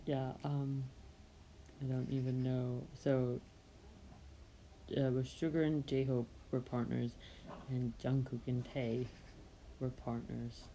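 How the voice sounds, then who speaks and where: A woman's voice: rumbling low, flat delivery, takes it slowly, pauses often, mellow, a little hiss or hum, poor audio. A woman narrating her own drawing process in a casual, meandering way, often hesitating and correcting herself. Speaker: artist narrating a drawing video. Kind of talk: casual rambling voice-over.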